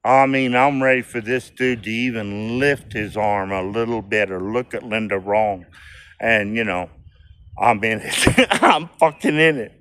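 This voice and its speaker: A man's voice: lowish voice, fairly even intonation, measured pace, fairly bright tone, smooth, no echo. A man in his sixties telling a story from his past in a loose, rambling way, swearing freely and laughing often. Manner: profane, rambling, laughing as he talks. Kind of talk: casual storytelling.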